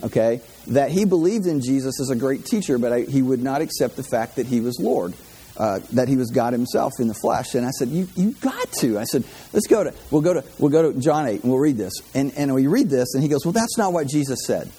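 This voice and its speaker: A man's voice: medium pitch, sing-song, fairly quick, dark tone, breathy edge. A man teaching a Bible class in a casual sermon style, talking conversationally, repeating himself and asking his listeners questions. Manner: conversational, repeats words and restarts, asks the audience questions. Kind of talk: informal sermon.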